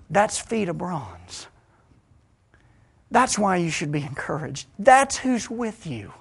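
A man preaching a sermon, swinging dramatically between hushed, low passages and loud ones.

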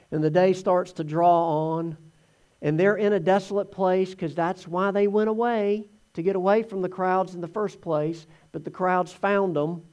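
A man giving a conversational sermon, telling the Gospel story in an animated way. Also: on the high side. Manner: animated storytelling, acts out voices in quotes. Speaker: preacher teaching from the Gospels.

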